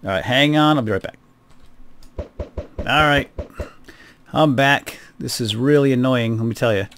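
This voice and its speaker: A man's voice: mid-range voice, unhurried, fairly bright tone, a little hiss or hum. A middle-aged man giving casual, wry gameplay commentary, chatting to viewers as he plays. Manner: chatty, wry, talks to viewers while playing. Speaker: gaming video host.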